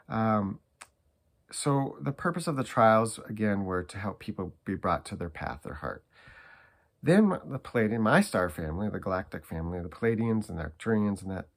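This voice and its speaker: A man hosting a spiritual channel, talking in a casual monologue, earnest and halting, with many fillers and restarts. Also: sits low.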